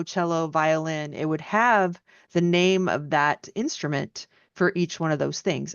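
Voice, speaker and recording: This low-pitched, gravelly woman is teaching piano, offering friendly, encouraging feedback and singing melodies out in syllables to show how phrases go. The recording is dry and dull, with a lo-fi sound and no room ambience.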